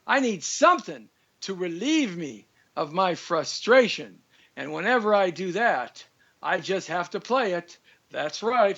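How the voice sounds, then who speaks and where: A man's voice: high-pitched, sing-song, a little slow, creaky, a bit bright, muffled recording. A man hosting a live talk show, ranting in a frustrated monologue.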